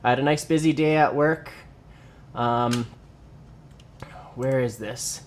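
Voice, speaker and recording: A man's voice: medium pitch, fairly even intonation, slow pace, slight background noise. A young man chatting casually on a livestream from his home workout space, reading viewer comments aloud and answering them. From Canada. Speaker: livestreamer and lifter.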